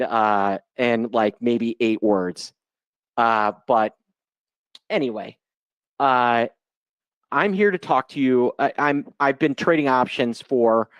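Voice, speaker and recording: A man in his 40s from Chicago guest-presents a live webinar as an options trader, chatting and joking in a loose, unscripted way over a video call mic. His medium-pitched voice is clear and resonant, and the recording is dry.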